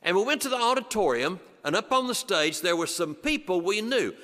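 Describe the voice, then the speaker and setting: An older man from western North Carolina, telling a story to an audience in rhythmic repetitions that sink low and soft on the refrains. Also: very animated, a little fast. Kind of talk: storytelling performance. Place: church sanctuary before an audience. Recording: long church reverb.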